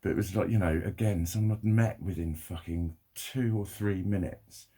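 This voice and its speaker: A man's voice: deep voice, moderate pace, warm tone. A young man ranting to camera in a sweary, rambling, heated way. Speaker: vlogger.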